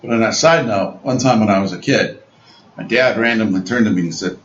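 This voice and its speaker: A man's voice: on the low side, brisk. A man co-hosting a comedy podcast, telling stories in a wry, laid-back way. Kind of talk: casual comedic storytelling. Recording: echoey lo-fi room with faint hiss.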